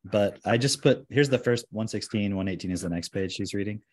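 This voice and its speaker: A man's voice: on the low side, fairly quick, darkish tone. A man hosting a podcast in casual chat, talking animatedly and acting out the voices of people he quotes. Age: young adult or middle-aged, father of a four-year-old. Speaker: podcast host.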